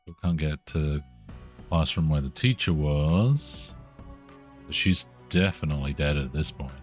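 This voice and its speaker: Very deep-voiced man streaming a game. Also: a little slow, soft background music. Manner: reads game text aloud, swears, jokes. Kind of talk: live game-stream commentary.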